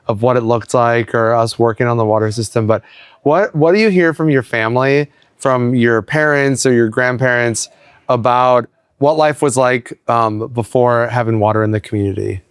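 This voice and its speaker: A man's voice: mid-range voice, steady tone, moderate pace, smooth, no room sound, clean studio sound. A man interviewing a guest in a casual conversation, encouraging him with short affirmations.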